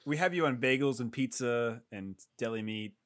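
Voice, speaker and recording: A man's voice: mid-range voice, normal speed, no echo, studio quality. A man co-hosting a casual film podcast, teasing and joking in banter. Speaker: podcast co-host.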